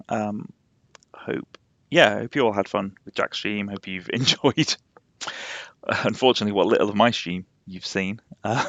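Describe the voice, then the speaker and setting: On a game live stream, a young Yorkshireman from England with a somewhat posh accent rambles casually and laughs a lot. His pitch sits fairly low and his tone is fairly bright, with no echo in the recording.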